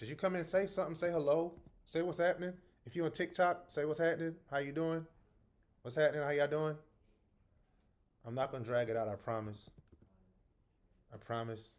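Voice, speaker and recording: A middle-aged man from the American South, hosting a casual livestream. He greets viewers one by one by name with upbeat energy, then drops to a soft, earnest tone. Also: medium pitch, brisk, pauses often. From North Charleston, South Carolina. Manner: soft and earnest when speaking from the heart. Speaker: livestream host.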